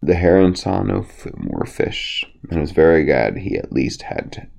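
Very deep gravelly man reading fables. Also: sing-song, a little mellow. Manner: slow, with frequent slips and restarts. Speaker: storyteller.

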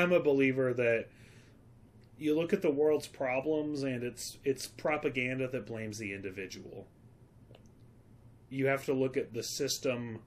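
A man's voice: medium pitch, fairly bright tone. A man co-hosting a casual film podcast, talking in an earnest, rambling, opinionated way. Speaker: podcast co-host.

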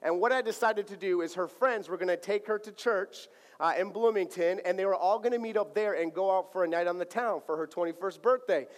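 A male pastor preaching a sermon, telling a personal story in a lively, playful way and acting out the dialogue. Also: sits high. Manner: animated, acts out dialogue playfully. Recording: long hall reverb.

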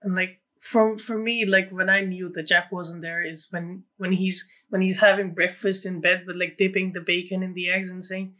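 A co-host on a casual film podcast with a bright, forceful tone. The talk is halting and repetitive, with frequent restarts and easy laughter between thoughts. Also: medium pitch, level tone. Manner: halting, repeats words, laughs easily.

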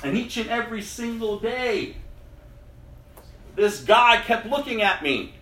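A man giving an emotional testimony to an audience, dramatic, swinging between loud outbursts and hushed tones. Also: very high voice, lively intonation, unhurried, echoey room. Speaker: speaker giving a personal testimony.

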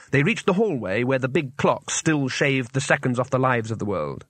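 A man narrating a comic fantasy audiobook in a measured, expressive way. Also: mid-range voice, dry recording. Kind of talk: scripted narration.

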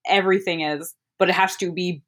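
A woman's voice: on the low side, fairly even intonation, fairly quick, a bit bright. A woman in casual chat as a podcast co-host, rambling and giggly with many restarts.

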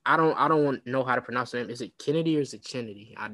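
A man's voice: medium pitch, very fast, pushed and bright, dry recording. A man hosting a casual sports talk show, chatty and rambling, with plenty of restarts and fillers. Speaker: podcast host.

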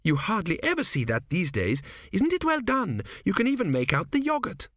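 A man's voice: high-pitched, wildly swooping pitch, moderate pace, a bit bright, no room sound, clean studio sound, pitched above the performer's own voice, full character voice. A man doing a breezy, dismissive young woman. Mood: admiring. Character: haughty teenage girl, brisk and bold. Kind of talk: audiobook character voice.

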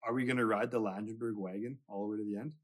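A man's voice: fairly low pitch, fairly even intonation, very fast. A man co-hosting a casual podcast, blunt and crude. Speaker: podcast co-host. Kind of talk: casual chat.

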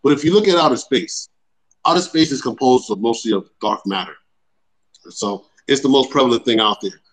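Founder type, earnest man, speaks haltingly while making his case. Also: medium pitch, low-quality recording. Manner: earnest, with many hesitations. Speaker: project founder. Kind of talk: casual explanatory talk.

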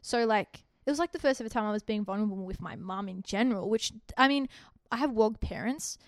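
A woman's voice: mid-range voice, fast talker, dry recording, clean studio sound. A young Australian woman co-hosting a podcast, telling a personal story in casual chat and acting out the dialogue as she goes. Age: young adult. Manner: animated, acts out quoted dialogue in the telling. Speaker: podcast co-host.

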